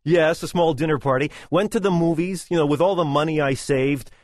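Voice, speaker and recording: A middle-aged man co-hosts a radio talk show in a sardonic, opinionated way. His voice sits fairly high for a man. The studio sound is very dry and close. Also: a little fast, a little mellow, no echo. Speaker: radio host.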